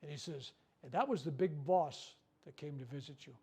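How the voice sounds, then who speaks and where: An older man giving a workshop talk, telling a personal story with lively acted-out quotes and repeated words. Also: fairly high pitch, moderate pace, husky. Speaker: workshop speaker. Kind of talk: storytelling talk to a live group.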